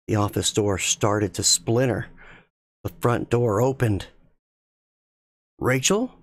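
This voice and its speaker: A man reading a spooky story aloud in a slow, measured, suspenseful way as a streamer. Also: medium pitch.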